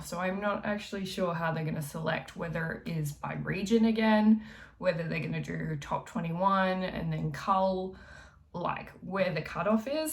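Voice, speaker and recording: A young Australian woman in her twenties, chatting animatedly and laughing often as she live-reacts to a pageant at home. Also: fairly low pitch. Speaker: pageant vlogger. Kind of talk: casual live reaction chat.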